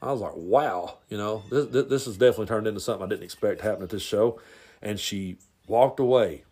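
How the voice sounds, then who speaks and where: A man's voice: fairly low pitch, fast talker, darkish tone, slightly rough. Blunt man rambling through a story. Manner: blunt, rambling, stumbles and repeats words. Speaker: podcast host. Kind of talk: casual storytelling monologue.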